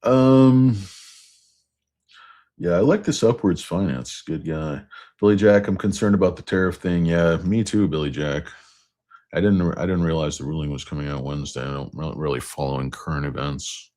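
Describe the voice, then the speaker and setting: A man's voice: very deep voice, normal speed, dark tone. A man hosting a casual stock market livestream, reading viewer comments aloud with rambling, self-mocking jokes.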